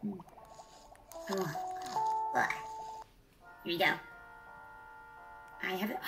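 A woman VTuber chatting casually as she plays, excitable and quick to squeal and gasp at the animals. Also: medium pitch, soft background music, rough recording. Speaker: VTuber streamer. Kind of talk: casual gameplay commentary.

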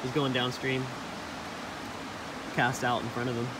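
A slightly hoarse man talks in a relaxed, chatty way, narrating an outdoor vlog. His voice sits in a mid-low pitch. Rushing stream water hisses clearly behind him. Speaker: outdoor vlogger.

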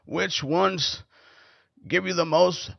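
A podcast host with a high voice, fairly even intonation, and vocal fry speaks slowly with no room sound. He tells loose, profane, rambling stories in casual chat, on a dull lo-fi recording.

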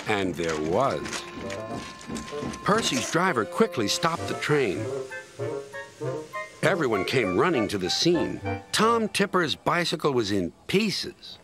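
A man narrates a children's train story in a steady, storytelling manner. His pitch moves very lively through the lines. Clear music plays under his voice. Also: slow pace.

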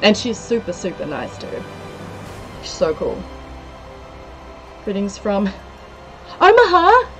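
A woman, chatting excitedly with her viewers on a live stream and reading the chat out loud. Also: medium pitch, slow pace, pauses often, music in the background, low-quality recording.

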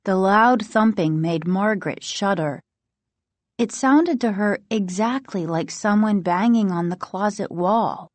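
Slow, suspenseful woman storybook narrator. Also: lowish voice, no echo. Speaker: audiobook narrator.

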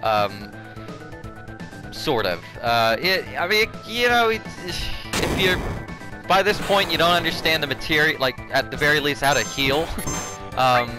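A man's voice: a little high, animated, a little slow, rough recording. A man casually commenting while playing a game, rambling and chatty and laughing at himself. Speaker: let's play host. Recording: game music underneath. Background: game music.

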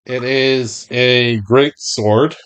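A man acting as game master, narrating a tabletop game unhurriedly and pausing to check his notes. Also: medium pitch, fairly even intonation, fairly bright tone, clear, resonant tone. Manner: unhurried, describes scenes with pauses to check notes.

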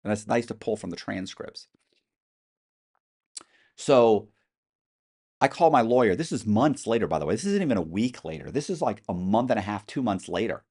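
A middle-aged man telling animated stories as a podcast guest, acting out quoted voices with some swearing. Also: on the low side, normal speed, long pauses, husky. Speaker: interview guest. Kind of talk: storytelling in a podcast interview.

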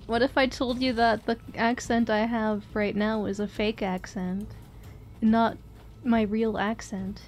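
A woman's voice: on the high side, level tone, unhurried, darkish tone, slight background noise. A woman streamer chatting casually while playing, rambling through stories and laughing often. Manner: giggly, rambling storytelling with frequent laughs. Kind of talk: casual gameplay chat.

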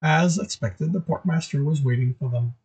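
A man's voice: fairly high pitch, moderate pace, darkish tone, slightly rough, low-quality recording. A man reading a chapter of his own novel aloud, casual, with occasional stumbles.

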